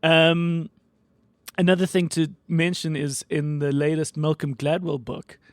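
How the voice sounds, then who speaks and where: Animated man, fairly high voice. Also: dry recording. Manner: animated storyteller with quick pitch jumps. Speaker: podcast host. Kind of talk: casual chat.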